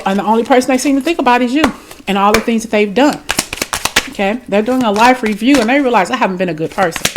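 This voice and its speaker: A woman doing a tarot reading, speaking directly to her viewers in a loose, chatty way. Her voice sits at an ordinary middle pitch and keeps checking in with "okay?" and "you know". A faint hiss sits under the recording. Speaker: tarot reader. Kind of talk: tarot reading talk to camera.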